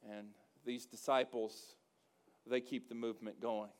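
A man's voice: medium pitch, little pitch movement, unhurried. A male pastor preaching a sermon, folksy and joking, calling for responses from the congregation. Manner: rising to loud emphatic preaching with call-and-response.

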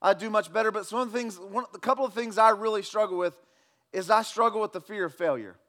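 A man's voice: high voice, fast, a bit bright. A middle-aged male pastor preaching a sermon, earnest and repetitive, building to emphatic declarations.

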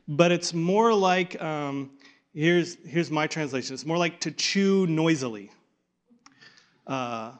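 A man teaching a Bible study class to a live group, animated, often repeating and restarting his words and coaxing the group to join in. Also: a little high.

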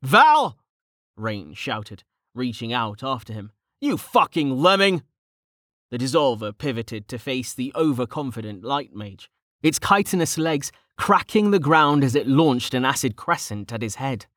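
A man narrating an audiobook in a steady, measured reading. His voice sits at an ordinary middle pitch. The recording is dry and close, with no room sound around it. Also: dry recording.

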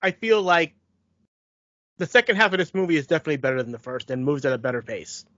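A man co-hosting a casual chat, his voice pitched a little high for a man. He talks matter-of-factly with a few fillers. The recording is lo-fi and muffled, with no room sound. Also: expressive, quick pace, fairly bright tone, dry recording. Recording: dull, lo-fi dry recording.

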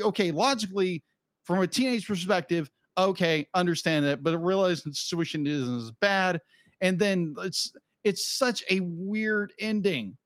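With no room sound at all, the recording catches a man's slightly high voice up close and dry. Co-hosting a podcast, he drifts through casual talk, starting sentences over and piling on side comments.

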